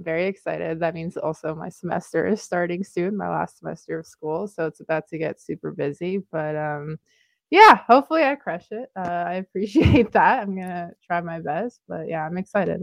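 A woman's voice: fairly low pitch, vocal fry, dry recording. A woman in her twenties co-hosting a casual sports podcast, upbeat and chatty, laughing easily. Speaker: podcast co-host.

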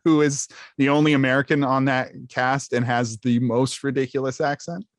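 A man's voice: mid-range voice, steady tone, moderate pace, dry recording, clean studio sound. A young man co-hosting a podcast in playful, jokey casual chat. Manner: playful, jokey, slips into silly put-on voices. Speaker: podcast co-host.

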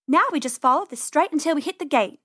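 A woman's voice: high voice, lively intonation, fast, fairly bright tone, no echo, studio quality, pitched above the performer's own voice. A woman voicing a brave, bossy little girl rabbit.

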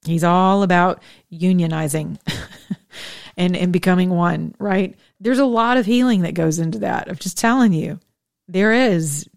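Woman host, lowish voice, dry close sound; exhorting faith-talk monologue, candid and chatty. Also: a little slow, vocal fry, darkish tone, dry recording. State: widowed, speaking as a single woman. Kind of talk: preachy monologue to women listeners.

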